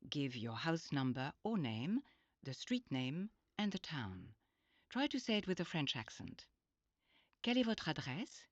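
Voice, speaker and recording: A woman teaching a scripted language lesson in a clear, patient, instructive way. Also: sits low, big pitch swings, measured pace. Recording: dull lo-fi audio.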